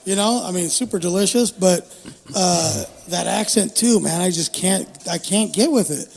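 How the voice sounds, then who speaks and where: A man's voice: high-pitched, moderate pace, gravelly, a little mellow, husky. A man co-hosting a casual podcast, joking around in crude banter. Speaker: podcast co-host. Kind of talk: casual chat.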